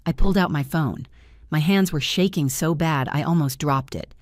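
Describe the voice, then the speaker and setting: Female storyteller, low voice, dramatic first-person read. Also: normal speed, no echo, studio quality. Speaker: narrator.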